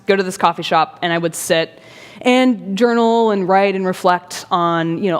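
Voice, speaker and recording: A woman priest telling a chatty, animated story with self-mocking humor at a church forum. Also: medium pitch. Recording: reverberant church hall.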